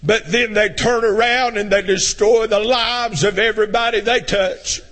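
High, bright-voiced preacher shouting. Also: male voice, steady tone, moderate pace, hardly any pauses. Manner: swings between shouting and low intense tones. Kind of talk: fiery sermon.

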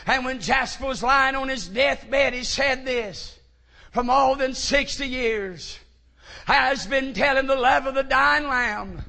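A man preaching a sermon, telling stories and rising to shouted fervor. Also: very high voice, slow pace, creaky. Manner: rises to shouted fervor in quoted lines. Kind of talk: sermon storytelling.

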